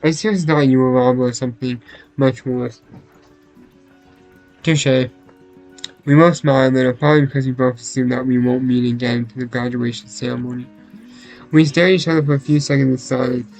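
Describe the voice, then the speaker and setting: A man reading a visual novel aloud, voicing every character and the first-person narration in much the same steady voice. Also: mid-range voice, brisk, pauses often, soft background music, rough recording.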